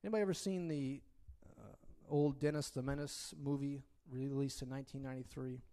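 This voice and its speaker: A man's voice: mid-range voice, steady tone, a little fast, dark tone. A man preaching a sermon in a conversational way, often checking in with his listeners and delivering it expressively. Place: church.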